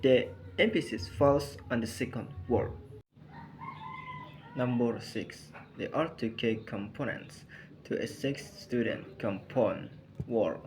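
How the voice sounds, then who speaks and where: A man reading out a lesson on word formation in short, halting phrases. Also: medium pitch, a little mellow, faint music behind, low-quality recording. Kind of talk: reading a lesson on compound words. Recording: faint background noise.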